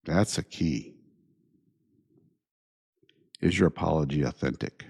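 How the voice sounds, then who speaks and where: Low gravelly-voiced man musing slowly. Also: a little mellow. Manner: unhurried, repeats points with rhetorical questions. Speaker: podcast host. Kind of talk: reflective monologue.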